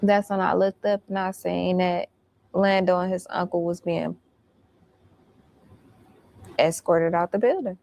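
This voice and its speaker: A woman tells a story in a blunt, profane, casual way. Her voice sits low and gravelly, with a flat, unhurried delivery that barely rises or falls. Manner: blunt, profane, recounting events.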